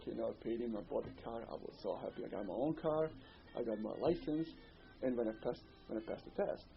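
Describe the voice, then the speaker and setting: A man's voice: mid-range voice, creaky. A man in his thirties with a Bosnian accent, recounting his life in an oral history interview, rambling with lots of "you know.". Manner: rambling storyteller, many "you know" fillers. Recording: slightly muffled recording with faint hiss.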